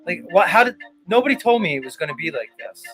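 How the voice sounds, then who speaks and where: A man hosts his livestream show in a loose, sarcastic rant, swearing freely and playing up his exasperation. His voice sits fairly high for a man. Music plays clearly behind him. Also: sing-song, quick pace. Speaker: show host.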